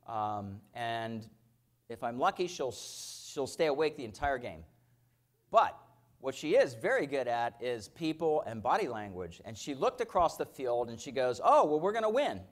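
A man in his fifties giving an energetic motivational keynote as a company founder, telling stories and often checking in with his audience. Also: mid-range voice, a little slow. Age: 50s. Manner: energetic, storytelling, keeps checking in with "okay?". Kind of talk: motivational conference talk. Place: conference stage.

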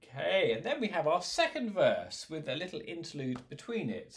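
A man leading a choir rehearsal, gently giving instructions, counting in and singing short lines for the singers to repeat. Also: on the high side, sing-song, normal speed, few pauses, music in the background. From England. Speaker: choir leader. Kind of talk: online choir rehearsal, call and response.

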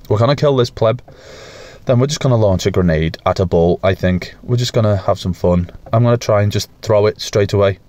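With a low, slightly mellow voice and no room sound, a young gaming YouTuber narrates a survival game with easygoing self-mockery, the odd curse, silly sound effects, and cooing at pets.

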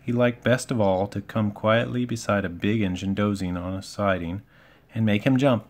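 A man with a fairly low voice reads a children's storybook aloud. His reading is relaxed and homely, with small slips and friendly asides along the way. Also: normal speed. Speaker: storybook reader.

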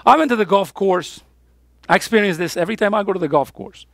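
A woman's voice: medium pitch, expressive, fast talker, dry recording, clean studio sound. A woman pastor preaching a sermon in a church, pressing her points with repeated questions and firm answers. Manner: emphatic call-and-response questions.

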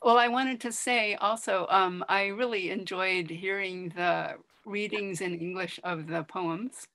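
A woman's voice: mid-range voice, steady tone, a little slow, a bit bright, no room sound. A woman speaking as a guest on a video call, chatty and enthusiastic, rambling a little as she talks. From United States. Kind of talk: casual chat on a video call.

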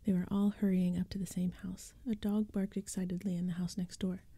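A woman reading a spooky children's story in a soft, breathy whispered role-play, close to the mic. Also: lowish voice, level tone, brisk, no room sound. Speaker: ASMR storyteller.

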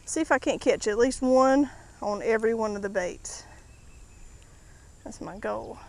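Outdoors by the water, a female fishing vlogger gives casual play-by-play of each catch and talks to the fish while unhooking them. Her voice is on the high side, unhurried and gravelly. The recording quality is low.

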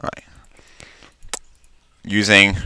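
A man's voice: on the low side, completely flat delivery, extremely slow, pushed and bright, clean tone, no echo. A man giving casual, rambling commentary while playing a game, talking to himself and stammering when surprised. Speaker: Let's Play commentator.

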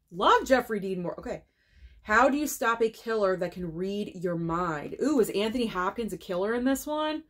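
A middle-aged American woman talks her way through an unboxing, chatty and excitable. Her voice sits at an ordinary mid pitch, and she gushes over each movie as it comes out of the box. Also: slight background noise. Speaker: movie collector vlogger. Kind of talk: casual unboxing chat.

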